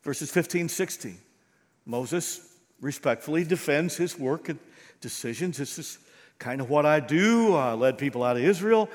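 A man's voice: a little high, lively intonation, a little slow, long reverb tail. A man preaching a sermon as pastor, acting out quoted voices with animation.

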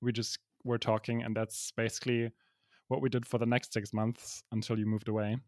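A man's voice: mid-range voice, level tone, a little fast, a little mellow, no echo, clean studio sound. Self-mocking man chatting from home. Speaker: podcast co-host. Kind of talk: casual chat. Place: alone in his apartment.

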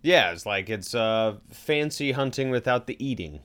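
A young man co-hosting a casual podcast, relaxed and joking. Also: mid-range voice, moderate pace, clean tone. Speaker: podcast co-host. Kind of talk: casual chat.

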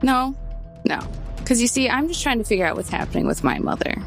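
Playing a tabletop game, a woman chats casually as a player and turns tough when voicing her character. Her voice is a little high, full of gravel and fry, quick and swinging widely in pitch, with soft music underneath.

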